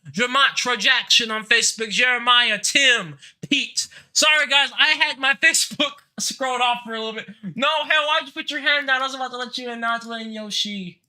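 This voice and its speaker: Brash high-voiced man hosting. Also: normal speed, sharp tone, clear, resonant tone. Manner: brash, swearing, joking. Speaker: host of a live Q&A. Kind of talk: casual live chat.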